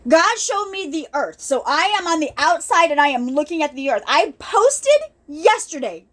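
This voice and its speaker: A woman's voice: sits high, lively intonation, normal speed, a bit bright. A woman hosting an unscripted ministry video, giving an earnest, rambling spiritual testimony with many restarts and asides, emotional at times.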